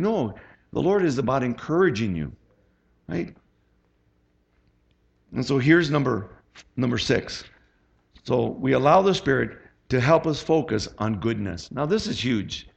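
Middle-aged pastor guy, chatty sermon, gravelly voice, muffled lo-fi audio. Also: fairly high pitch. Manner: chatty, asks the congregation for amens. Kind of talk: conversational sermon. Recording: dull lo-fi sound.

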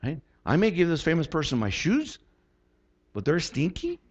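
Animated conversational male pastor, slightly muffled. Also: fairly high pitch, normal speed, slightly rough. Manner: animated, conversational, repeats words when starting. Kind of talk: sermon.

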